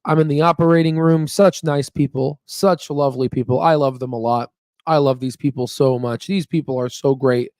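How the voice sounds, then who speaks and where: A young man hosting a stock market channel chats casually on a Wi-Fi livestream while staying in Memphis, Tennessee, rambling with fillers and laughs. His mid-range, darkish voice has fairly even intonation and normal speed, with studio quality and no room sound.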